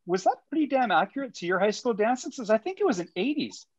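A woman's voice: fairly high pitch, very animated, darkish tone, slightly rough, no room sound. Enthusiastic woman interviewer, lo-fi dry sound. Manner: enthusiastic, quick reactions. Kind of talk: casual interview chat.

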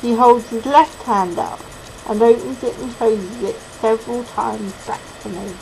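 A woman reading a novel aloud, telling the story in a soft, unhurried first-person voice. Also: fairly high pitch, faint music behind, low-quality recording. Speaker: reader.

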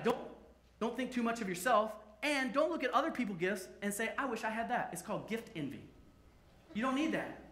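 A man with a high, bright voice preaches a lively sermon, cracking jokes with the congregation between points. His voice rings through an echoey church sanctuary, with a faint murmur of room ambience underneath. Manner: playful, joking with the congregation. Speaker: pastor.

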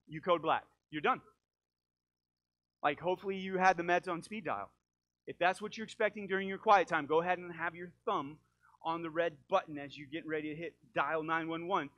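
A middle-aged man preaches a sermon in a church, switching from earnest appeals to playful asides where he acts out voices. His voice is bright and a little high for a man. The sound is close and dry, with little room echo. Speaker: pastor. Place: church sanctuary.

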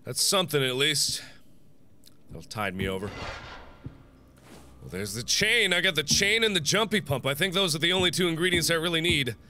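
A young man playing a horror game and commenting, sick and nauseous, swinging between shrieked curses and low, worn-out muttering. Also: animated, normal speed, long pauses, background noise. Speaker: gaming YouTuber. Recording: game music behind.

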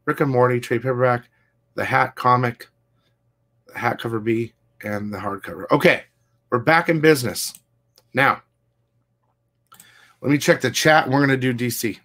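Man, casual livestream host, profane, excitable, mid-pitched voice. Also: moderate pace, pauses often. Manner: profane, excitable, reads chat aloud. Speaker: comic shop livestream host. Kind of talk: casual live-stream chat.

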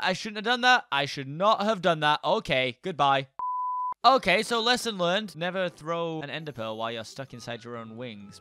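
A young man commentating a Minecraft let's play in an excitable way, yelping and gasping and tossing in quick jokey asides. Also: mid-range voice. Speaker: gaming YouTuber.

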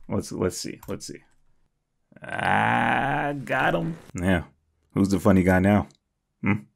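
A young man reading and reacting to comments on his channel, jokey and self-mocking, swinging from high squeals to low mutters. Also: vocal fry. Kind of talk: comedic comment-reading vlog.

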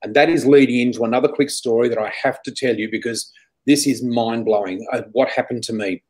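A man, a psychic guest in an interview, telling animated, chatty stories full of exclamations. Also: medium pitch, a little fast, low-quality recording. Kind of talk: casual storytelling interview.

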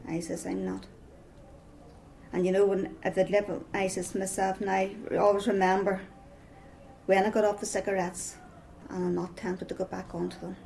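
A woman's voice: mid-range voice, level tone, normal speed, creaky, a little mellow, slight background noise, poor audio. A middle-aged woman with a Northern Irish accent giving a personal testimony, telling her story with many repeated "I says".

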